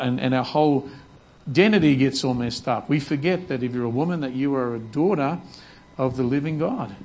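A man's voice: medium pitch, brisk, darkish tone, low-quality recording. Earnest man preaching a sermon. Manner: earnest, repeats words and restarts sentences. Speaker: pastor.

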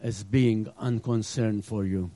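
A middle-aged male pastor preaching a sermon with earnest emphasis, now and then acting out scenes and dropping to a hush. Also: on the low side, fairly even intonation, slow, no echo, poor audio. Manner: earnest preaching with acted-out asides, drops to a hush.

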